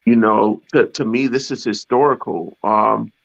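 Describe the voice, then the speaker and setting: A man with a gravelly voice co-hosts a casual talk show. He speaks haltingly, repeating and restarting words as he works out his point. The recording sounds dull and lo-fi. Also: lowish voice, steady tone. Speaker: podcast co-host.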